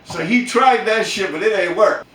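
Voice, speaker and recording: A man's voice: sits high, moderate pace, fairly bright tone, roomy sound, recorded from a distance. A man telling a funny story in casual, profane street slang, laughing hard as he goes. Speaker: storyteller vlogger.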